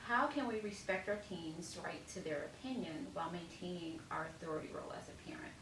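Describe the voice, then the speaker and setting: A woman hosting a podcast, asking interview questions in an expressive way. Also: fairly low pitch, fairly quick. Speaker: podcast host. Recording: echoey room, distant from mic, faint noise.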